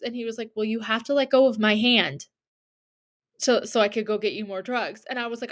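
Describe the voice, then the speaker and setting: A young woman with a fairly high voice chats on a podcast. She tells a long story and acts out everyone in it, slipping into their voices. Plenty of fillers, and she laughs often. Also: fast. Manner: animated retelling with quoted voices and laughter. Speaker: podcast co-host. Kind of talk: casual chat, storytelling.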